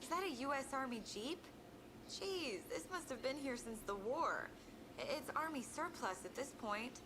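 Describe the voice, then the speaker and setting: A woman voicing an eager young female car restorer in a racing game, talking in a brisk, encouraging way. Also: sits high, lively intonation. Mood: excited. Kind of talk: game dialogue. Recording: noisy game audio capture.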